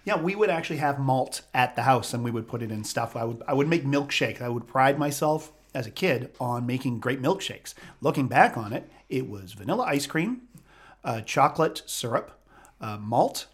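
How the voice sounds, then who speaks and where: A man co-hosting a podcast in casual chat, jokey and self-mocking with quick asides. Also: medium pitch, expressive, husky. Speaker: podcast co-host.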